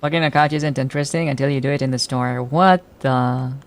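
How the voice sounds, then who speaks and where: A man's voice: mid-range voice, steady tone, brisk, slight background noise. A man streaming a game, chatting casually, teasing his viewers and laughing often as he reacts to chat. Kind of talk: casual live-stream chat while playing.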